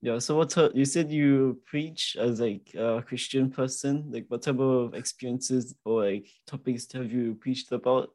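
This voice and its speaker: A man's voice: mid-range voice, a little slow, few pauses. A man interviewing a guest casually, giving short replies and asking easygoing questions. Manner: relaxed, laughs along, short replies.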